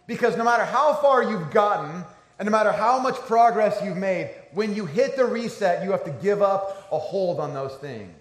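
A man's voice: a little high, echoey room. A man in his thirties, a pastor giving a conversational, storytelling sermon.

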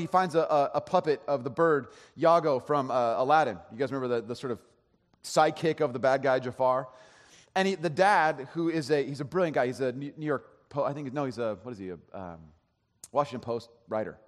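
A man's voice: a little high, brisk. A man giving a sermon as pastor, telling a story in a conversational way with frequent restarts. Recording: long hall reverb.

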